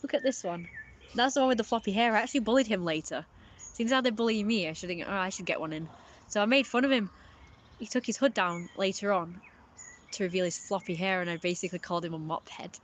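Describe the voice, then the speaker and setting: A woman talking casually on a live stream, speaking at a middling pitch. She rambles, starts phrases over and leans on filler words as she talks her audience through things. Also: fast talker. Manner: rambling, repeats herself, many fillers.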